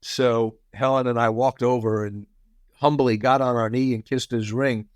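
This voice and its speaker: Lively storytelling man, dry close sound. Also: mid-range voice, moderate pace, smooth, dry recording. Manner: lively storyteller, acts out quotes. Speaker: guest. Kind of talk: casual anecdote telling.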